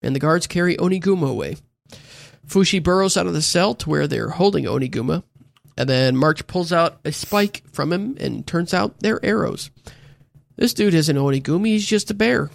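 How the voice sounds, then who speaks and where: Casual male podcaster, gravelly, dry close sound, loose crude delivery. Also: on the high side, expressive, normal speed, no echo. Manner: laid-back recap, often mimics characters. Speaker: podcast co-host recapping an anime.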